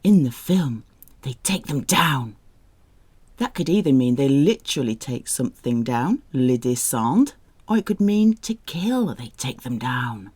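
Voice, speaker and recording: A woman teaching French, reading example sentences slowly and clearly, then explaining the grammar in English. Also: extremely low pitch, big pitch swings, a little mellow, dry recording. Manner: slow, careful model pronunciation with questioning rises. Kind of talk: language lesson with slow example sentences.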